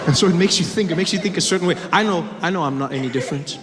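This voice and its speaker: Male stand-up comic, high voice, casual self-mocking delivery, live hall echo, crowd laughter. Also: rapid-fire, background noise. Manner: conversational, self-mocking, with stammered restarts. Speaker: stand-up comedian. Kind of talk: stand-up comedy routine. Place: stage before a live audience.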